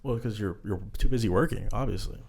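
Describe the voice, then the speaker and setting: A man's voice: lowish voice, fast talker, creaky, darkish tone, soft background music. A young man hosting a casual podcast, talking hesitantly with lots of fillers. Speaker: podcast host.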